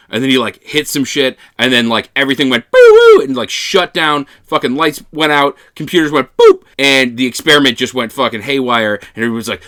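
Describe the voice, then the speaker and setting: Animated man recapping a movie. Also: medium pitch, a little fast, hardly any pauses. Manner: animated retelling with silly acted-out quotes and profanity. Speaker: podcast co-host. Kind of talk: casual movie review chat.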